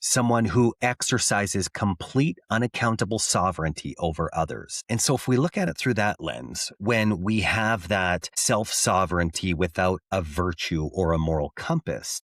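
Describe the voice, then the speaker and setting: A man hosting a podcast, talking in a measured, thoughtful way and setting ideas against their opposites. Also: deep voice, animated, fairly bright tone, no echo, clean studio sound. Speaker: podcast host. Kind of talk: conversational podcast interview.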